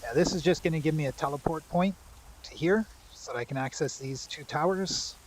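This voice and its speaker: A chatty man streams a hunting game live and talks viewers through what he is doing. His voice sits a touch high, with a faint hiss of noise behind it. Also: a little fast, low-quality recording. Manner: chatty, explains as he plays. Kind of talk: live gameplay commentary.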